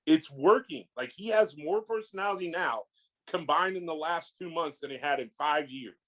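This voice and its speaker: A man's voice: fairly high pitch, moderate pace, fairly bright tone, low-quality recording. A man co-hosting a podcast in casual chat, pressing his opinions emphatically. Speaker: podcast co-host.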